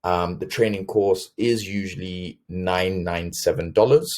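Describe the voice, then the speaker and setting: Low-voiced man pitching a webinar. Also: a little slow, darkish tone. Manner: earnest, filler-heavy, self-correcting. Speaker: webinar host.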